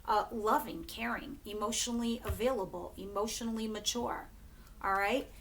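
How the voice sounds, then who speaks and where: Brief: woman tarot reader, casual and emphatic, salty language, faint rumble under her. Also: steady tone, normal speed, fairly bright tone. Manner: chatty and emphatic, swears freely, laughs often. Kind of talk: casual tarot reading to camera.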